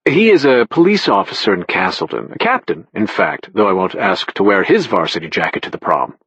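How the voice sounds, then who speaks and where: A male narrator voicing a dry, ironic male friend who speaks calmly and wryly. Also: low voice, a little fast, husky, no echo, full character voice.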